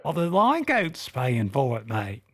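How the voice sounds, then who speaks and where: A man's voice: medium pitch, wildly swooping pitch, unhurried, faint music behind. A man co-hosting an improvised comedy podcast in a put-on Australian accent, rambling and fumbling for words. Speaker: podcast co-host.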